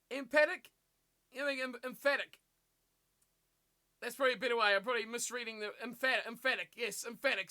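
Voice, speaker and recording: A man commentating live on a rugby match for his stream, animated and full of rhetorical questions, reading viewer chat aloud and answering it. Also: very high voice, clear, resonant tone.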